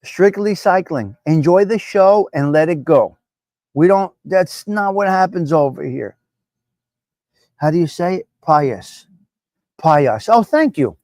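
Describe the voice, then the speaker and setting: A man's voice: sits high, lively intonation, unhurried, darkish tone, no echo. A man from New Jersey with a New Jersey accent, hosting a live stream and talking bluntly, repeating himself for emphasis. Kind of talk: casual opinionated live stream talk.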